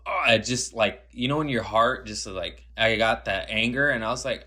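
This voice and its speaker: A male comedian guest on a podcast, telling profane stories in casual, animated chat. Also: on the low side, normal speed.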